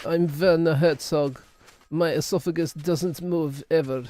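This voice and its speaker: A man doing an impression of an older filmmaker with a grave, monotonous, droning delivery. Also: fairly high pitch, no echo, pitched above the performer's own voice, close to an everyday voice. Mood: solemn. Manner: slow, grave, monotonous drone.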